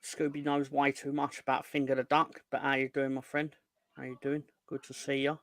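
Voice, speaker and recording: A man's voice: medium pitch, level tone, moderate pace, fairly bright tone, no echo. A man co-hosting a casual fan podcast, jokey, greeting viewers one by one. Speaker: co-host.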